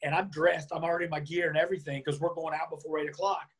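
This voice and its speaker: A man being interviewed, telling a lively anecdote and acting out the lines of the people in it. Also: on the high side, rapid-fire, husky. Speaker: interview guest. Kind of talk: storytelling in a conversation.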